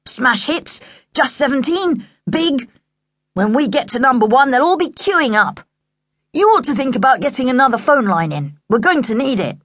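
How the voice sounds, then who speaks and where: A woman's voice: sits high, big pitch swings, normal speed, a bit bright, no room sound, studio quality, pitched above the performer's own voice, heavily acted. A woman voicing a boastful, show-off young boy with a swaggering, self-important manner. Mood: cocky.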